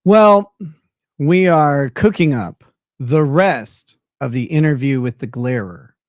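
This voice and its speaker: A man's voice: on the high side, expressive, slow, no room sound, clean studio sound. A man hosting a livestream in casual chat, blunt and profane, laughing often. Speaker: livestream host.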